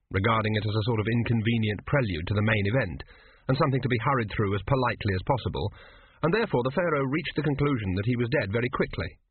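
A man's voice: mid-range voice, slightly rough, dry recording. A man reading an audiobook in a dry, wry storytelling manner. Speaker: audiobook narrator. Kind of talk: scripted narration. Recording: dry tinny phone-like sound.

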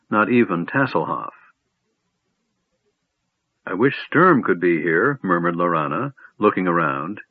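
A man reading fantasy narration aloud in a measured, even storytelling voice. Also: low-pitched, slightly rough, no room sound. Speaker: audiobook narrator. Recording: dry tinny phone-like audio.

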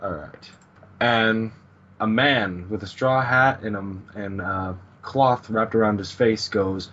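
A man co-hosting a podcast walks through a manga's plot in a hesitant, halting way. His voice sits low and husky on dull, lo-fi audio. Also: fairly bright tone. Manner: hesitant storytelling, repeating "he goes" before each line. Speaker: podcast co-host. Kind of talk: casual chat retelling a manga chapter.

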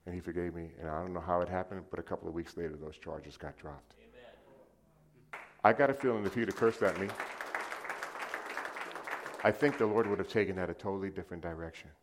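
Deep-voiced man preaching, loud and hushed. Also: fast, a crowd in the background, noisy background. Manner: storytelling with shifts from loud to hushed. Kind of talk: sermon.

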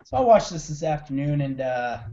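A man talking through movies with a co-host in loose, animated chat, swearing freely and acting out scenes as he goes. His voice sits a bit high, and the recording sounds dull and lo-fi. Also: brisk. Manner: animated, profane, quotes scenes in put-on voices. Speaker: podcast co-host. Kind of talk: casual movie review chat.

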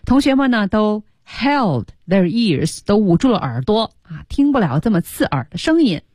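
Lively, husky woman teaching on radio. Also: mid-range voice, normal speed, no room sound, studio quality. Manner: translates line by line, lively and coaxing. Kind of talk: language lesson explaining in Mandarin. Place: broadcast studio.

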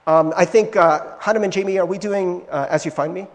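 A man preaching a sermon as pastor, conversational and animated, with frequent "right?" asides and restarts, in a church sanctuary. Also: sits high, brisk, vocal fry. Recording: long hall reverb from a church sanctuary.

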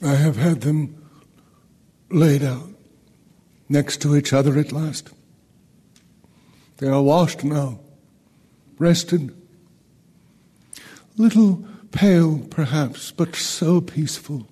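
A man's voice: on the high side, takes it slowly, pauses often, warm tone, breathy edge. An actor playing a weary, grieving old king with a wry, sardonic edge, in a radio drama. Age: older.

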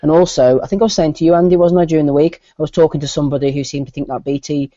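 A man's voice: on the high side, fairly even intonation, racing, mellow, no room sound, highs cut off. A man hosting a podcast, reading listener questions and chatting casually, laughing easily. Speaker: podcast host. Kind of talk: casual chat.

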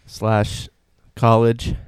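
Low-voiced musician guy on a radio show, slow and hesitant, lots of uh's, dry close sound. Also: completely flat delivery, clear, resonant tone, dry recording. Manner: halting, with many fillers. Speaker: studio guest musician. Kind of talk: casual radio chat. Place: radio studio.

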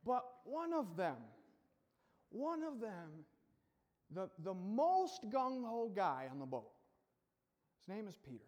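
Male pastor, very high voice, playful storytelling sermon, long hall reverb. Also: very animated, slow, pauses often, a little mellow. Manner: casual, joking storyteller who acts out the scene.

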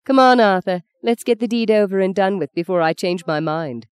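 A reader voicing Justine, a cool, self-possessed young woman with a crisp, dry, teasing manner. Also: medium pitch, expressive, a little fast, dry recording, voice pushed up, natural voice. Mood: brisk.

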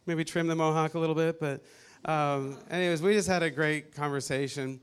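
A man casually telling a personal faith story, animated and often laughing as he acts out what people said. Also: fairly high pitch, fairly quick, smooth.

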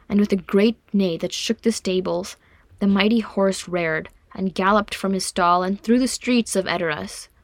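A woman reading a fan fiction story aloud in an even storytelling manner. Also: medium pitch, vocal fry, no room sound. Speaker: audiobook reader. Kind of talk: fan fiction audiobook narration.

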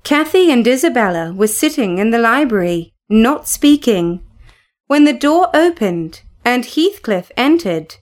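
A woman narrating a classic novel as an audiobook, in a calm and measured way. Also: on the high side.

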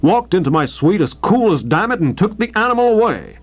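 Man doing a big gruff blowhard producer, bellowing; lo-fi audiobook. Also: sits high, big pitch swings, a little fast, pitched above the performer's own voice. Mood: blustering. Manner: bellowing and gruff, then deflated. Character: huge, blustering older male theatre producer. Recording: dull lo-fi audio.

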